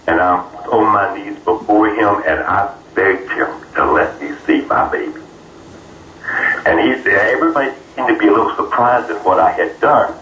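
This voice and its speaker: Low-voiced man telling a story. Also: fairly bright tone. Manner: earnest, halting with fillers. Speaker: interview guest. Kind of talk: personal storytelling. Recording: roomy, distant mic, faint noise.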